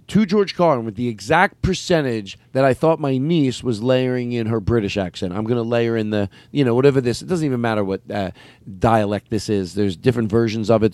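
A man's voice: mid-range voice, a little mellow, no echo. Rambling Philadelphia-accented man host. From Philadelphia, United States. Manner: rambling, playful, self-interrupting. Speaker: podcast host. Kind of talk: casual comedy podcast banter.

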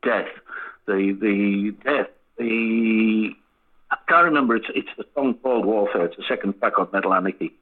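Husky man on a phone line. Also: lowish voice, normal speed. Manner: swearing, laughing anecdotes. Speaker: band frontman guest. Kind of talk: casual storytelling interview.

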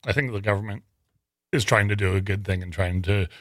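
A man's voice: on the low side, steady tone, brisk, no echo, studio quality. A man from Wyoming, a guest author on a podcast, telling a story in a rambling way with many restarts. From Wyoming, USA. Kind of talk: casual podcast interview.

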